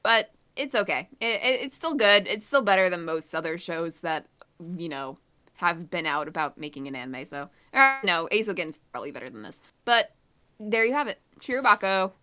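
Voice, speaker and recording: A woman's voice: fairly low pitch, animated, moderate pace, sharp tone, clear, resonant tone. A woman co-hosting a podcast in casual chat, ranting in an exasperated, blunt way. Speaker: podcast co-host.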